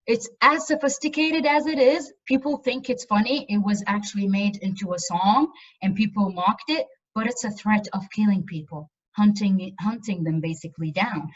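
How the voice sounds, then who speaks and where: Woman lecturer, earnest and emphatic, mid pitch, muffled video-call audio. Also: normal speed, few pauses. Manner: earnest, emphatic with frequent repetitions. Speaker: university lecturer. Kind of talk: online lecture.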